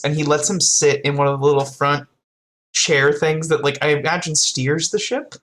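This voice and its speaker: A young man co-hosting a podcast in casual chat, animated, acting out quotes and laughing often. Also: on the high side, moderate pace. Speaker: podcast co-host.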